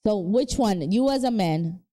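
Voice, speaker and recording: Lively woman, teasing podcast banter. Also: medium pitch, a little slow. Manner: playful, teasing, laughs often, animated. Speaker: podcast co-host. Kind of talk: casual chat.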